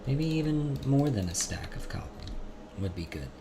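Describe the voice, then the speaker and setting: A man giving quiet, casual commentary while playing a video game, mostly talking to himself. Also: medium pitch, big pitch swings, moderate pace, background noise. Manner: quiet, mumbled asides to himself. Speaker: gamer, video host. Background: game music.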